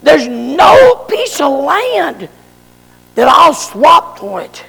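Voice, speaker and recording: A stubborn farmer firmly refuses again and again, as a preacher puts him on. The voice is slow and gravelly, echoing through a big hall. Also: male voice, very high voice, huge pitch swings, bright, forceful tone, exaggerated voice. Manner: plain, firm refusals.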